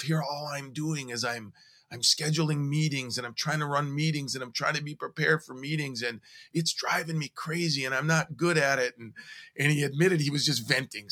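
A man co-hosting a podcast, telling stories in a casual, animated way. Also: mid-range voice, fairly quick. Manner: animated storyteller, recounting conversations. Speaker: podcast co-host.

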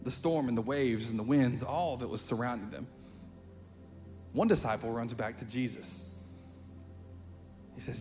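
A pastor preaching a sermon in a chatty, conversational way, building to animated emphasis. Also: male voice, medium pitch, unhurried, pauses often. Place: church sanctuary. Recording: long hall reverb, faint music.

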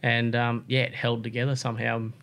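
A man's voice: mid-range voice, monotone, a little fast, a bit bright, slight background noise. An Australian man, a racer guest, telling his story in casual interview chat with lots of fillers and restarts. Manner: rambling, many fillers and restarts.

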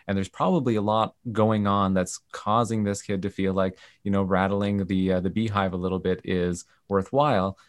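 A man with a low-pitched voice tells stories in an interview, jumping into lively quoted voices as he goes. The recording is dry and close, with no room sound. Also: moderate pace, few pauses, no echo. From Canada. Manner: animated retelling with quoted voices. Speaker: guest, camp CEO. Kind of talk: storytelling in a podcast interview.

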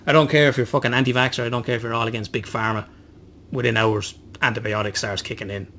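This man talks fast, with a bright, forceful, steady medium-pitched voice, while co-hosting a podcast. In casual conversation he spins a long, wandering story, curses nonstop, and mocks himself; there's a little background noise.

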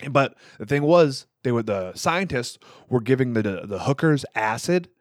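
A young man rambles through a long story on a casual podcast, swearing freely and circling back on himself. His voice sits at a middle pitch and sounds dry and close to the mic. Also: normal speed, no echo. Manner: animated storyteller, profane and rambling. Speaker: podcast co-host. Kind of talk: casual conversation.

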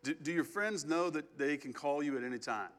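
A man's voice: on the high side, a little fast, a bit bright. A man co-pastoring a sermon, speaking directly to the congregation with questions. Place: church sanctuary.

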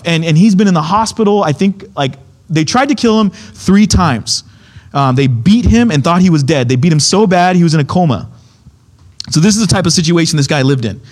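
A young adult man preaching a sermon, telling a story in a casual way and acting out the voices of the people in it. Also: sits high. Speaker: pastor.

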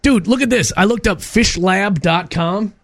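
A man co-hosting a morning radio show, excitable and jokey, laughing often and talking over his co-host. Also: high-pitched, measured pace, creaky, dry recording.

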